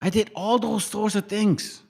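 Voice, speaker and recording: A man hosting a casual livestream chat, rambling, swearing freely and trailing off into quiet mutters. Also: sits high, fairly even intonation, measured pace, gravelly. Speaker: livestream host.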